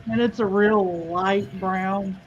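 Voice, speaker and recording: A woman chatting on a livestream, explaining things slowly with halting restarts. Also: mid-range voice, steady tone. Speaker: livestream guest. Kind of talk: casual chat on a livestream. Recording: dull lo-fi mic with clear noise.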